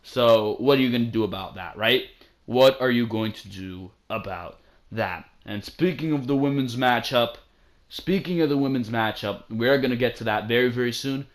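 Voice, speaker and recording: A young man giving a casual, excitable wrestling review from home, repeating lines for emphasis and calling the listener "bro". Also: medium pitch, moderate pace.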